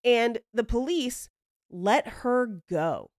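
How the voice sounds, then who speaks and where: A woman's voice: fairly high pitch, animated, extremely slow, darkish tone, no echo, studio quality. A young woman hosting a podcast, casually telling a story, acting out quotes and laughing often. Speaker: podcast host.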